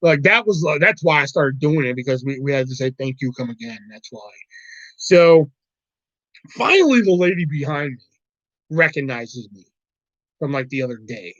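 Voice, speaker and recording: Animated young man telling a profane story. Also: mid-range voice, moderate pace, no room sound. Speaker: vlogger telling a work story. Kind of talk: casual storytelling. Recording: dull dry lo-fi recording.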